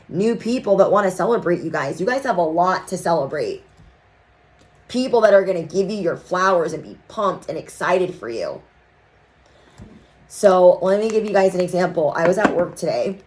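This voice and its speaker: Young woman, slangy and animated, casual chat to viewers, lowish voice. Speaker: tarot reader.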